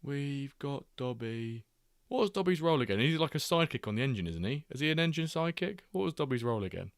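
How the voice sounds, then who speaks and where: A man's voice: a little high, sing-song, racing, creaky, no echo, studio quality. A man hosting a casual football watchalong livestream, chatting loosely, reading out viewer messages and making jokey asides. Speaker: livestream host.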